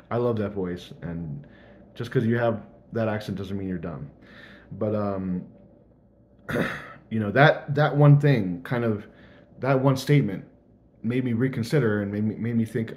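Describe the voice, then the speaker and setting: A man's voice: lowish voice, a little slow, pauses often, highs cut off. A young man thinking aloud in a casual, earnest vlog monologue.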